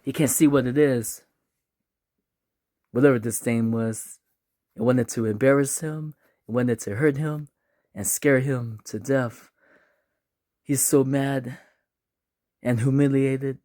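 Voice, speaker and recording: A man telling a spooky, funny story in a relaxed, chatty way, acting out bits as he goes. He speaks slowly at a mid pitch. The sound is dry and close. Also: no echo. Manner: laid-back, chatty, acts out voices. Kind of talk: casual storytelling.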